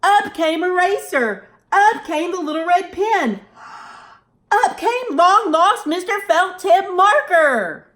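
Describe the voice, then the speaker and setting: A woman reading a picture book aloud to children, animated and expressive. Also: extremely high pitch, slow pace. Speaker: storytime reader.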